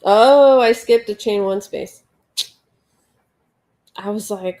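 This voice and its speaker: Slow and pausing often, a livestream host talks in a slightly mellow voice on the high side. During her casual late-night stream she crochets, counts stitches quietly, and chats while reading out viewer comments.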